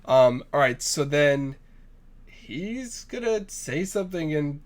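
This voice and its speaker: Slow, deliberate male player on a call. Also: fairly high pitch, very animated. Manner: deliberate, thoughtful, with pauses and fillers. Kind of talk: describing his character's actions in a tabletop game. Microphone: online voice call.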